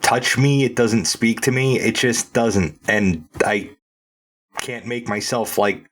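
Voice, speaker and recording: Middle-aged male co-host, mid pitch, dry brief remarks, casual movie talk. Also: slow pace, fairly bright tone. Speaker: podcast co-host.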